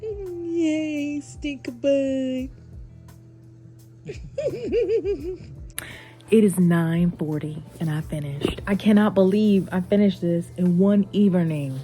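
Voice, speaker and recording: A woman's voice: on the low side, moderate pace, few pauses, faint music behind. A woman vlogging casually from bed, reading romance passages aloud and reacting with frequent laughter. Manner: animated, laughs often, reads passages aloud. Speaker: book vlogger. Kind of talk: casual reading vlog chat. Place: in bed at home.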